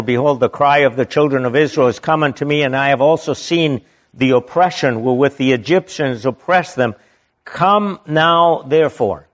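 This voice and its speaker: A man preaching from the Bible, reading verses slowly and deliberately and stopping to add emphatic comments of his own. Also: mid-range voice, fairly bright tone.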